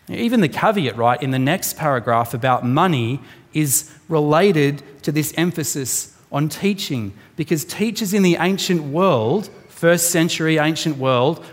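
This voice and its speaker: A man preaching a sermon in a conversational, animated way, acting out little scenes as he explains. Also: medium pitch. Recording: reverberant hall.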